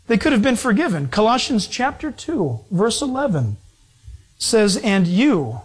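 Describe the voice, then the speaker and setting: Animated, joking preacher with a high voice. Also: male voice, normal speed, slightly rough. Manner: rambling, jokey, laughs often, acts out characters; animated, jumps in pitch when quoting. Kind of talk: informal sermon.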